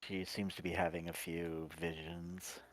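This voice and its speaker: A man playing a calm male shipmate on lookout, who speaks in a reassuring way. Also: sits low, unhurried, rough recording. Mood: concerned.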